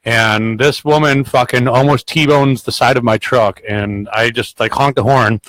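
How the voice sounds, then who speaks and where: A man's voice: medium pitch, steady tone, a little slow, dry recording, low-quality recording. Foul-mouthed, blunt podcast host man. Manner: heavy swearing, blunt and rambling; grows loud and heated when retelling arguments. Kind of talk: casual storytelling chat.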